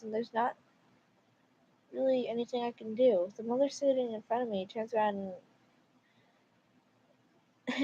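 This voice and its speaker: A woman's voice: on the high side, dark tone, slight background noise. A woman streamer reading stories aloud and reacting casually, with emphatic remarks. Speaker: livestreamer. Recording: dull lo-fi mic.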